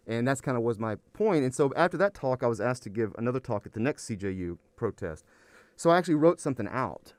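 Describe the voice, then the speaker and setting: A man's voice: medium pitch, very animated, fast, dry recording. A man, an anthropology professor, talking in a casual podcast interview, rambling and worn out, often restarting his sentences. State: weary.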